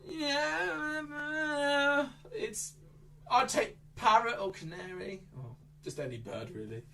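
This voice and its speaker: A man performing an interactive kids' magic show, playful, with exaggerated squeals and shouts. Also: high-pitched, big pitch swings, unhurried, distant mic, slight background noise. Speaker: children's entertainer.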